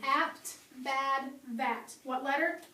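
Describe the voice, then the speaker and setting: A woman's voice: high-pitched, takes it slowly, pushed and bright. A woman teaching a classroom phonics and handwriting lesson, patiently quizzing her students and modeling sounds. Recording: echoey room, mic far off, faint hum.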